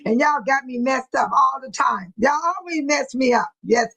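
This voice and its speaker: High-pitched lady hosting a live chat, rambling stories, laughing all the time. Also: moderate pace, fairly bright tone, slightly rough, poor audio. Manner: chatty, laughing often, colloquial storytelling. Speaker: live stream host. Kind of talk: casual chat with viewers.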